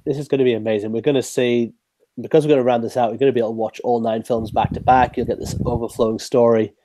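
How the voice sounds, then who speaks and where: A man co-hosting a podcast in casual chat, excitable and quick to laugh. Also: mid-range voice. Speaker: podcast co-host. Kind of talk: casual fan discussion.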